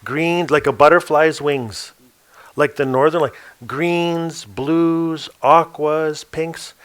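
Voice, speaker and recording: A man's voice: a little high, slow, smooth. A man telling a story to a live audience on an author panel, acting out the people in it. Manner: animated, acts out the people in his stories.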